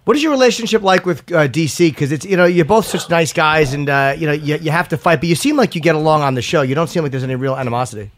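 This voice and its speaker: High fast-talking male host. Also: lively intonation. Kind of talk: casual chat interview.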